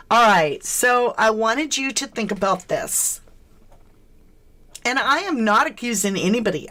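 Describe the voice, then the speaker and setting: This is a woman from the American South running an easygoing true crime livestream, chatting and asking questions as she says hello to viewers. Her voice has a medium pitch and a slightly bright quality.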